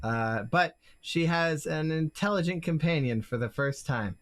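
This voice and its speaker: A woman narrating a tabletop game as game master, halting with many fillers and restarts. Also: deep voice, expressive.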